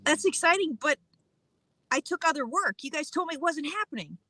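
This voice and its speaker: Bright brash woman on a call. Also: high voice, lively intonation. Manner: brash, salty, quick-talking. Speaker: comedian, opening act. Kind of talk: casual phone chat.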